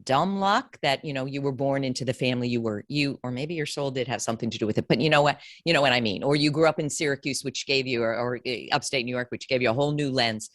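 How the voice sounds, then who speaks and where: A woman podcast host and career coach speaks with a low voice and a lot of conviction, stacking her points one after another. Her sound is close and dry, with almost no room around it. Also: quick pace, hardly any pauses, dry recording. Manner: enthusiastic, emphatic, builds points in lists. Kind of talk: interview conversation.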